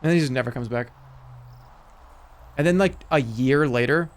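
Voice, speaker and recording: A man streaming a video game, chatting in a rambling, profane, animated way. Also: medium pitch, normal speed, pauses often. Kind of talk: casual chat while gaming.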